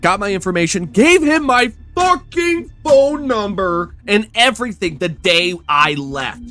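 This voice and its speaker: A man's voice: high voice, big pitch swings, unhurried, sharp tone, soft background music. A man hosting a podcast, telling stories in an exasperated, profane casual rant. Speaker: podcast host. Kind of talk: casual ranting storytelling.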